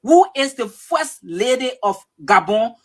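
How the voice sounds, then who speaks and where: A woman reading out a news story to her followers in a deliberate way, asking them questions. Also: on the high side, big pitch swings, a little mellow. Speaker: news clip presenter.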